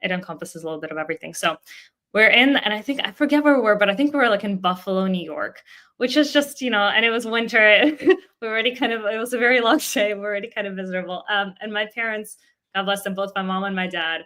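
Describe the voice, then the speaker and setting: A young adult woman, a startup co-founder, telling a story in a casual interview with lively laughs along the way. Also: medium pitch. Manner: animated, laughs often while telling a story.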